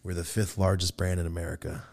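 A man telling a story in casual podcast chat, swearing freely and breaking into high excited voices when quoting people. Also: fast, gravelly. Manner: animated, profane, jumps into high excited voices for quotes.

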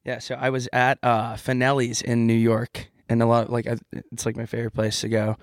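A man's voice: medium pitch, a little fast, dry recording, clean studio sound. A young man from California, co-hosting a podcast in casual chat, telling stories with put-on voices. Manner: animated storyteller, puts on voices for the people in his story. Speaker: podcast co-host.

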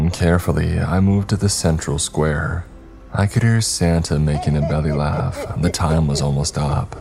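A man narrating a scary story in a steady, wry, scripted storytelling manner. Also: very deep voice.

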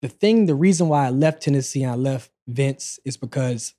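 A man in his forties tells his own story on a podcast in an easygoing, conversational way. His voice is mellow and warm, sitting at an ordinary middle pitch. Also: moderate pace. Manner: relaxed, conversational, acts out quoted dialogue.

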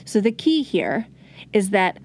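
A young adult woman teaching parents how to calm toddlers, earnest and coaching, softly acting out what to say to a child. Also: mid-range voice, unhurried. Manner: earnest, coaching, acts out gentle lines to a child. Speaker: parenting educator. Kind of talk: instructional talk to parents.

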